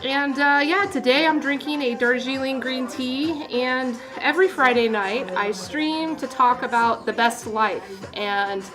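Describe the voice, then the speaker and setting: A young adult woman hosting a casual livestream from her tea room, chatty and bubbly, quick to laugh and apologize. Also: high-pitched, music in the background. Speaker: tea stream host.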